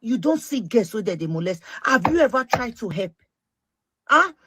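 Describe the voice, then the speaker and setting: A middle-aged woman with a Nigerian Pidgin English accent, speaking an impassioned monologue to her social media followers, forceful and emphatic and repeating her points. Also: a little high, big pitch swings, normal speed, slightly rough.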